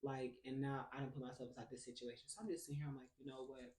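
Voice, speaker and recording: Young man, storytime vlog, animated and chatty, middle pitch, roomy echo. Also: rapid-fire. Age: young adult. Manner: animated, chatty, addresses viewers as baby and y'all. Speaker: vlogger telling a personal story. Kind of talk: storytime vlog, casual chat.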